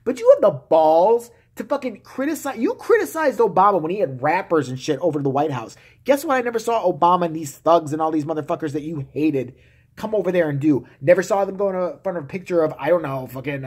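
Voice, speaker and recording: A man's voice: on the high side, very animated, quick pace, darkish tone, husky. A man delivering a vulgar, heated, mocking solo rant to camera. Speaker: vlogger.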